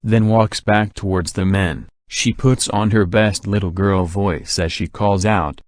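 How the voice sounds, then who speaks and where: Low-voiced man reading an audiobook. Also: steady tone, measured pace, no room sound. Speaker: audiobook reader. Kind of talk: scripted narration.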